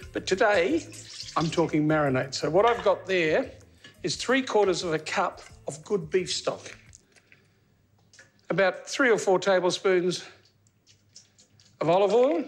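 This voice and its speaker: Chatty TV cooking host, man. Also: sits high. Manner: chatty, jokey, talks to the crew while cooking. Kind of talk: casual cooking demonstration. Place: television studio kitchen.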